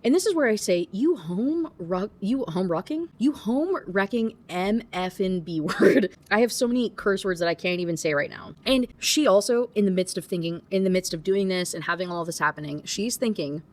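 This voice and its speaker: A woman giving a casual rant review of a book, animated, swearing often and breaking into laughter. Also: medium pitch, brisk, few pauses.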